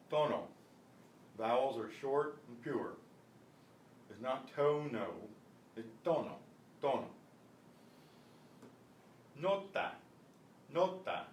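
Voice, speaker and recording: A man teaching a beginners Spanish class, patiently repeating words slowly for pronunciation drills. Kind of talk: beginner language lesson. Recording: echoey room, voice from a distance, faint rumble.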